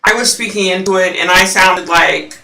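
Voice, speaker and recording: Woman livestream host, chatty and laughing, gravelly, bright, echoey room, set back from the mic, faint hiss. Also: moderate pace, far from the mic. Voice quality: sounds unusually deep through the mic. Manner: chatty, laughing often, reads viewer comments. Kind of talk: casual livestream chat.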